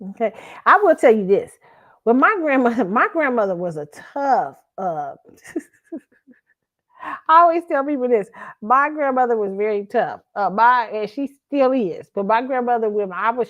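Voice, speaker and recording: Woman host w/ AAVE, fairly high voice, blunt and loud, laughs a lot, kinda dull lo-fi audio. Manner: blunt, animated, swears, laughs often. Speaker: show host. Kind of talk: casual commentary monologue.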